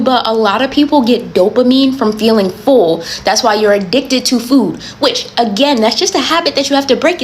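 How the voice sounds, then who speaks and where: A woman's voice: high voice, slight background noise. A woman giving direct, coaching advice in a casual talk.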